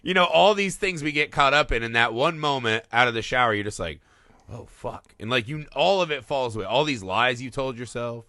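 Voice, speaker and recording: A man talking films on a podcast, his voice bright and forceful and swinging all over the place as he riffs. He swears freely and leans into the scenes he describes. The sound is dry and close, with no room behind him. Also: medium pitch, fairly quick, hardly any pauses, no room sound. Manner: animated, swears, acts out quotes in put-on voices. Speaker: podcast co-host. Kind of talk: casual film discussion.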